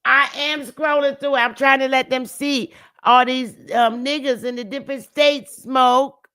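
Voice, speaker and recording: Slow, bright-voiced woman streamer. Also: high voice, fairly even intonation, smooth. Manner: loose and profane, laughing often. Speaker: livestream host. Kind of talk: casual livestream commentary.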